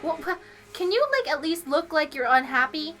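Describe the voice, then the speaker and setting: A woman co-hosting a game let's play, reacting in an exasperated, profane, animated way. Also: sits high, moderate pace. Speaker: gamer co-host.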